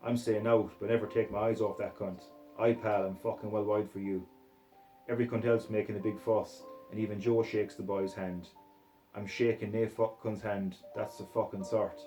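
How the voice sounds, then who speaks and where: A man's voice: fairly low pitch, level tone, normal speed, mellow, soft background music, rough recording. A man reading a crude novel aloud in a put-on Scottish accent, in a profane, aggressive first-person voice. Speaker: reader.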